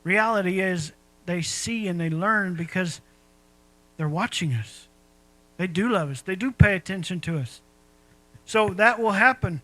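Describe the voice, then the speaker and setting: A man's voice: high-pitched, a little slow, long pauses, sharp tone, no echo, poor audio. A man preaching a sermon in a folksy, conversational way, asking his listeners rhetorical questions. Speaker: pastor.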